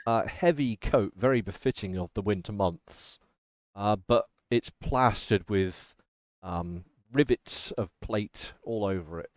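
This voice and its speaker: A man's voice: lowish voice, unhurried, no echo. English man narrating as game master. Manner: hesitant, filler-heavy narration with laughs.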